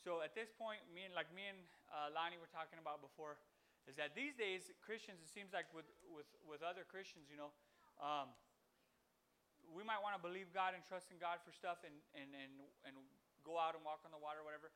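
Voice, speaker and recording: A man hosting a devotional podcast, teaching informally in a rambling, animated way with many restarts. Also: on the high side, a little fast, clean tone. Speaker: podcast host giving a devotional.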